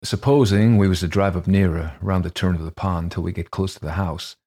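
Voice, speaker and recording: Audiobook part: male narrator voicing a nervous old country deacon, quavering, voice low and husky. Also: fairly quick, mellow. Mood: hesitant. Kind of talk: audiobook reading.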